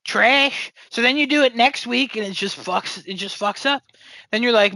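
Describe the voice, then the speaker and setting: A young man chats on his podcast with a bright, forceful voice that often rises when he gets worked up. He rambles and swears freely as he tells jokey stories. The sound is dry and close, with no room around it. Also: very high-pitched, animated, normal speed, no room sound. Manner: rambling, profane, jokey storytelling. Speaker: podcast host. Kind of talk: casual chat.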